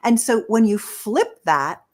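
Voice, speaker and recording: On an interview show, a woman guest who works as a relationship expert speaks in an enthusiastic, coaching manner and laughs frequently. Her voice is slightly high and a bit mellow, highly animated yet unhurried. The exchange is a conversational interview.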